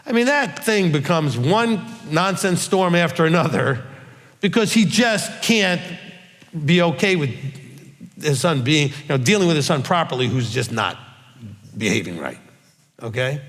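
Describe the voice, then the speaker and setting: A man's voice: on the high side, animated, a little slow, fairly bright tone. A man, teaching as a rabbi in a folksy sermon style, often checking in with "okay?". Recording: long hall reverb.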